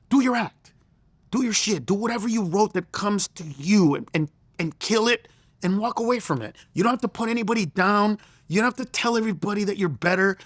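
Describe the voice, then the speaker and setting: A middle-aged comedian, appearing as an interview guest, tells stories in an animated, emphatic and profane way, stammering and restarting. His voice is high, and the recording is dry.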